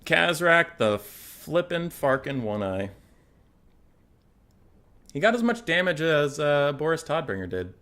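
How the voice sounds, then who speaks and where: A man's voice: a little high, very animated, measured pace, pauses often, a bit bright. A man casually commentating a strategy game match in a jokey, irreverent way, swearing freely. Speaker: gamer.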